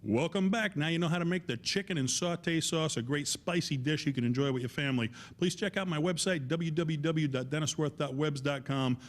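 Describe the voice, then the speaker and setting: A man hosting a comedy cooking show, chatting briskly and hospitably with his guest. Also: on the high side, noisy background. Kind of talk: casual chat.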